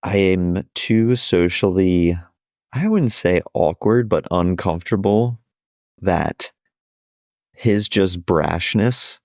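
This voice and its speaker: A man hosting a podcast in casual chat, chatty and quick to laugh, sometimes restarting his sentences. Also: deep voice, darkish tone, dry recording, clean studio sound. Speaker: podcast host.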